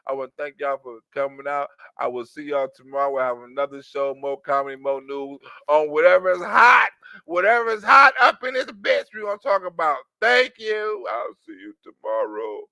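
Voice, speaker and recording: Man, comedy show host, profane mocking rant, high bright voice, dry close sound. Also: animated, moderate pace, gravelly, dry recording. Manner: loud, mocking, profane ranting. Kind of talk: profane comedic commentary on clips.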